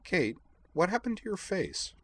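A man reading aloud, voicing a curious, quick young woman. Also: high-pitched, big pitch swings, a bit bright, slightly rough, voice pushed up, heavily acted.

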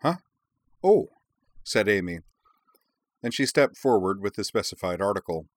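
A man narrating an audiobook in a measured, even reading. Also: low-pitched, dry recording.

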